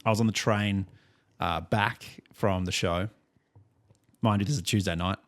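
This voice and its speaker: Brief: young Australian man, lowish voice, rambling chatty podcast co-host who chuckles through his anecdotes. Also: steady tone, moderate pace. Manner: rambling storyteller, chuckles often. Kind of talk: casual chat.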